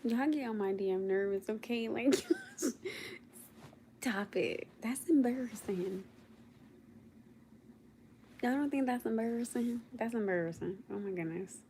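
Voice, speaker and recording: Young woman host, drowsy and playful, low gravelly tone, faint hiss behind her. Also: measured pace, dark tone. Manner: sleepy, teasing, laughs often. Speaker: livestream host. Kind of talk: casual late-night livestream chat. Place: at home in bed.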